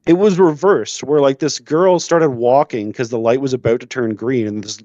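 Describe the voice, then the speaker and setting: A man's voice: medium pitch, normal speed, no echo. A young man co-hosting a podcast, telling rambling, profane stories in casual chat. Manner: rambling, profane, animated storytelling. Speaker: podcast co-host. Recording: dull lo-fi sound, dry room.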